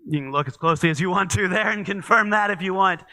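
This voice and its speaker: A man's voice: sits high, fast, sharp tone. A man giving a midweek church teaching in a conversational way, with frequent fillers and restarts. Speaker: pastor.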